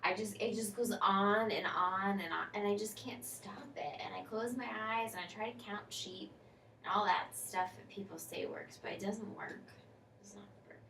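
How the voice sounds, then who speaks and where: A woman acts out a weary schoolgirl in a counseling role-play. She rambles and stumbles, with slight vocal fry. The sound is distant and roomy, with faint background noise. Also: medium pitch, normal speed, fairly bright tone. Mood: restless. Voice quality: hesitant, rambling with many fillers. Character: female schoolkid client, tired, restless, unsure. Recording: echoey room, distant mic, faint noise.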